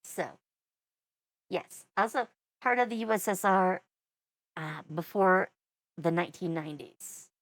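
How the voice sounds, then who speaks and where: Unhurried woman reacting to music. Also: fairly low pitch, no room sound. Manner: wry, rambling asides. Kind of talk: casual reaction commentary.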